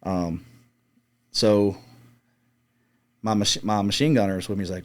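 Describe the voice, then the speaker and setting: A man's voice: lowish voice, fairly even intonation, a little slow, pauses often. A middle-aged man, a former military sniper, casually telling a long story in an interview and swearing freely as he acts out the radio calls. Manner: profane, laid-back storyteller acting out radio calls. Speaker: guest, former Marine scout sniper.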